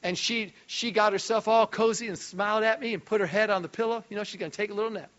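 A male pastor preaching a sermon with lots of energy, dropping low and quiet, then breaking into sudden shouts. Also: fairly even intonation, quick pace, muffled recording.

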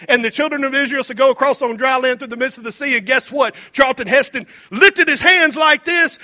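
A man preaching a sermon, animated and folksy, retelling scripture in casual slang. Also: extremely high pitch, moderate pace, hardly any pauses, lo-fi sound.

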